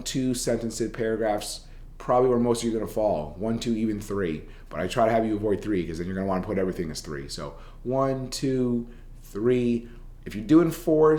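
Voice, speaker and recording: A man's voice: fairly low pitch, a little mellow, echoey room. A man teaching a journalism writing class in a recorded lecture, talking casually and rambling, with many fillers and restarts.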